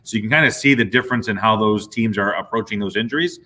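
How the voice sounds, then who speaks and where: A middle-aged man, a physical therapist, casually explaining athletes' injuries with relaxed, playful asides. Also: on the low side, fast talker. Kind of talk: casual sports injury chat.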